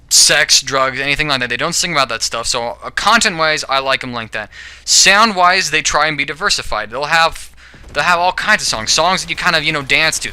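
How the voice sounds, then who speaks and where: Bright, rambling young-sounding man. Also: on the high side, smooth. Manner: rambling, with frequent "you know" and "all right?"; self-correcting, stumbling restarts. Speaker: video blogger. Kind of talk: casual opinion monologue.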